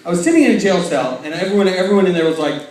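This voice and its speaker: A young man doing stand-up, telling self-mocking stories and acting out quick quotes. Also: high voice, very animated, darkish tone, a little hiss or hum. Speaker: stand-up comedian. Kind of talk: stand-up comedy. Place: large hall with a laughing audience. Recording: echoey hall taped from far off.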